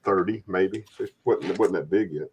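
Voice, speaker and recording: A man's voice: low-pitched, brisk, a little mellow, low-quality recording. A man hosting a casual livestream chat, rambling and friendly, often repeating words. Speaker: stream host. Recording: faint background noise.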